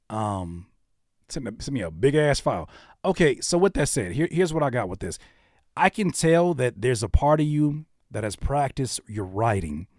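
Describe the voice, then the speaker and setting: A blunt, profane man coaching rappers on a livestream. His voice sits at an average pitch and sounds dry and close on the mic, with no room around it. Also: darkish tone, no echo. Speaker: music reviewer and livestream host. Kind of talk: candid livestream critique.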